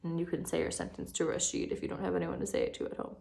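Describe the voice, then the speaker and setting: A woman teaching a first grade spelling lesson on video, patient and encouraging, drawing words out slowly for young children. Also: on the low side, huge pitch swings, vocal fry, a little mellow.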